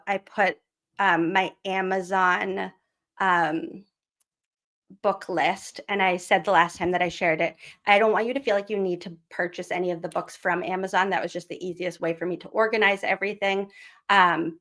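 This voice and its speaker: A woman's voice: mid-range voice, fairly bright tone. A woman hosting a casual live stream, a former teacher, chatty and rambling with lots of fillers and giggles. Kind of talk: casual live-stream chat and read-aloud.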